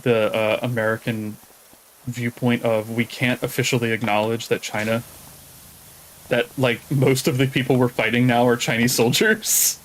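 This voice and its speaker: A man streaming a game, chatting in a relaxed, rambling way and swearing casually. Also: medium pitch, normal speed, rough recording. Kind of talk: casual chat while gaming.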